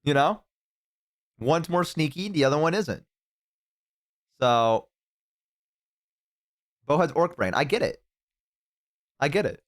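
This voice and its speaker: A man's voice: fairly high pitch, lively intonation, slow, long pauses. A man streaming casual reaction chat, exclaiming, incredulous and swearing.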